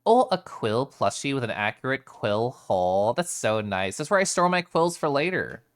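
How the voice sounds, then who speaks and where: A playful streamer in a loose, casual chat with viewers, the pitch swinging widely from low to high. They laugh often and break off to greet people by name. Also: sing-song, normal speed. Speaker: live streamer.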